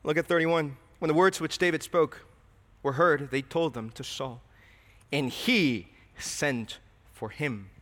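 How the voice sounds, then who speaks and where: A man's voice: a little high, slow pace, fairly bright tone. A man preaching a sermon, earnest and questioning, often repeating his words. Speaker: pastor. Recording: reverberant hall.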